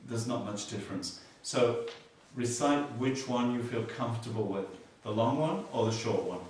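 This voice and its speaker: A man's voice: medium pitch, a little mellow, slight background noise. Male Buddhist teacher, patient and repetitive with dry jokes, recorded far off in a very echoey hall. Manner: explains slowly, repeats key words, dry humor. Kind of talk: dharma teaching. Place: meditation hall.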